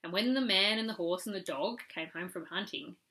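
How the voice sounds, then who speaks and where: Bright-toned woman reading a storybook. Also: mid-range voice, brisk, low-quality recording. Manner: rhythmic, storytelling. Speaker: aunt reading aloud.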